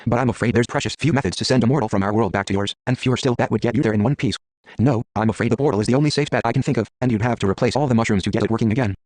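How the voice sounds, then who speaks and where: A man's voice: mid-range voice, very fast, darkish tone, dry recording, close to an everyday voice. A man voicing a proud, stern female tree spirit who scolds in a haughty way.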